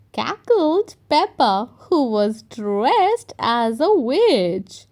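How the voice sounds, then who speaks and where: A woman reading a children's picture book aloud, slowly and expressively for young listeners. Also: fairly high pitch, sing-song, a little mellow. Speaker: storyteller. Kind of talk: children's story read-aloud.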